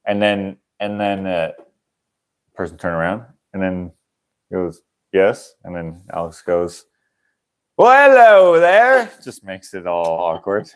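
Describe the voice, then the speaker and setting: A man's voice: low voice, flat delivery, unhurried, clean tone. A young man hosting a casual livestream, rambling and chuckling as he acts out the people in his stories. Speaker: channel host.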